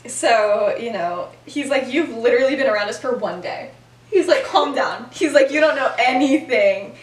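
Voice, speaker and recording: A woman's voice: fairly high pitch, expressive, moderate pace. Giggly young woman retelling a story. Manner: chatty and giggly, acting out the characters' quoted lines. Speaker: podcast host. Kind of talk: casual storytelling recap. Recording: roomy, distant mic with faint noise.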